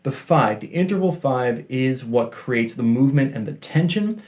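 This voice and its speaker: A man gives a casual, chatty guitar lesson full of jokes and self-deprecating asides, with faint guitar playing in the background. His mid-range voice has a darkish tone, lively intonation, and normal speed.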